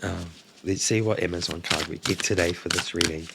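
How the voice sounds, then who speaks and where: A man's voice: low voice, steady tone, brisk, creaky, heavy background noise. A man doing a casual oracle card reading to camera, emotional, laughing and sighing as he goes. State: emotional, coughing. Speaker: tarot card reader.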